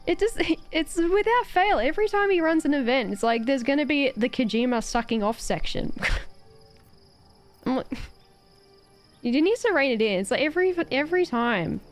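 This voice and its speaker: A woman's voice: high voice, animated, a little fast, hardly any pauses, soft background music. A woman streamer chatting casually while gaming, ranting animatedly with swearing and laughter.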